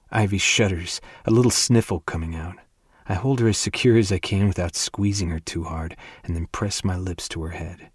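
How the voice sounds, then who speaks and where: Husky, low-voiced male audiobook narrator. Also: normal speed, no room sound, studio quality. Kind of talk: first-person romance audiobook narration.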